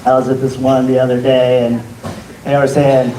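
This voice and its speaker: A man doing an open mic stand-up set in a rambling, halting way with deadpan asides. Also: mid-range voice, a little hiss or hum. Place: bar comedy room. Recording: echoey room, distant mic.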